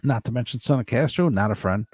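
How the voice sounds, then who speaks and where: A man's voice: mid-range voice, animated, fast talker, a little mellow, slightly rough, no room sound, studio quality. A man hosting a casual live stream, rambling and chuckling as he talks to his chat by name.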